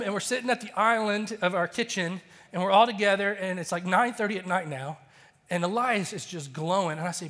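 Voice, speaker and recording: A man's voice: high voice, fairly bright tone. A man in his thirties, a pastor giving a conversational, storytelling sermon that acts out the quotes. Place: church auditorium.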